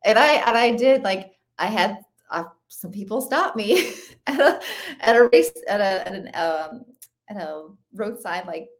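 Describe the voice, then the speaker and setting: A woman's voice: mid-range voice, lively intonation, a little slow. A woman in her thirties talking casually as an interview guest, chatty and full of "like" fillers, often laughing as she talks. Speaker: interview guest, ultra runner.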